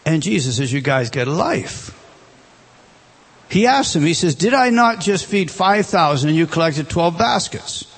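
A man preaching a sermon, emphatic, repeating words and swinging between loud stresses and quiet asides. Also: high-pitched, lively intonation, moderate pace, hardly any pauses, husky.

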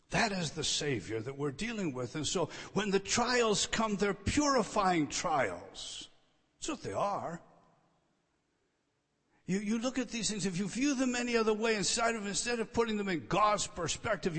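A pastor with a high-pitched, husky voice preaches an expository sermon, emphatically repeating key phrases and swinging between loud declarations and hushed, quiet lines. The audio has a big-room sound.

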